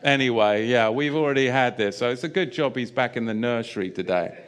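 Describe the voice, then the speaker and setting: A man preaching, telling a funny personal story with animated delivery and frequent laughter. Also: medium pitch, a little fast. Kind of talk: sermon with humorous personal anecdote.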